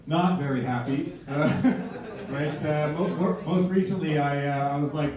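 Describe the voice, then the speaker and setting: A man in his thirties from Canada delivers a rambling, self-deprecating stand-up set in a fairly high voice. He is picked up from a distance in a very echoey comedy club. Audience laughter rises around him. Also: moderate pace, crowd noise. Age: 30s.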